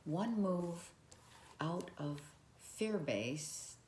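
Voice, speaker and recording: A woman's voice: on the low side, lively intonation, drawn-out words, darkish tone, roomy sound, a little hiss or hum. A woman giving earnest motivational advice to the viewer, often repeating her phrases and speaking to the viewer directly. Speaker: relationship advice vlogger. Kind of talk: motivational talk to camera.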